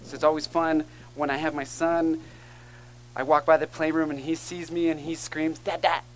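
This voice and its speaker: Man, pastor, sermon, earnest, emphatic, slightly high voice. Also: level tone, normal speed, slight background noise, poor audio. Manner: earnest, emphatic preaching with call-and-response asides.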